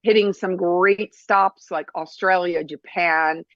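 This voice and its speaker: A woman's voice: lowish voice, fairly even intonation, slow pace, no echo, lo-fi sound. A woman co-hosting a live holiday TV show, teasing her partner and full of exclamations. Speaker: co-host.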